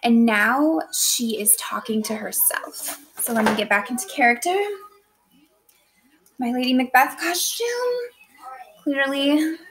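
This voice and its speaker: Woman, teacher, recorded lesson, playful, asks questions, somewhat high pitch. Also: unhurried, long pauses, fairly bright tone, low-quality recording.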